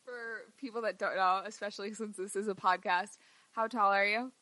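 A woman's voice: medium pitch, steady tone, moderate pace, pushed and bright, dry recording, rough recording. A woman hosting a casual podcast interview, who giggles and asks rambling questions. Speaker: podcast host.

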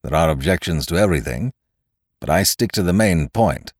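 A man's voice: sits low, wildly swooping pitch, unhurried, darkish tone, no room sound, clean studio sound, full character voice. A man voicing a sulky, peevish middle-aged doctor who grumbles his lines. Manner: gruff, grumbling.

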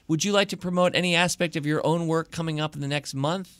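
A man's voice: on the high side, quick pace, a bit bright, smooth, no room sound. Playful quizmaster man, dry close mic. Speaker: podcast host. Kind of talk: casual podcast chat.

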